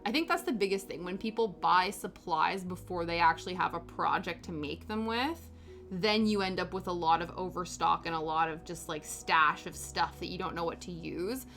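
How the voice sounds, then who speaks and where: A woman's voice: on the low side, moderate pace, fairly bright tone. A woman chatting casually while she knits on a stream at home, rambling and laughing often. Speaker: knitting streamer. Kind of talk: casual chat while knitting. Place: home, on a sofa. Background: faint background music.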